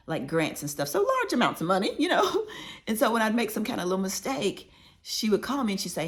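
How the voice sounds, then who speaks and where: A woman author telling workplace stories in a conversational way, talking straight to her listeners with emphasis. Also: mid-range voice. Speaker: author sharing workplace advice. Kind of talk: conversational storytelling audiobook.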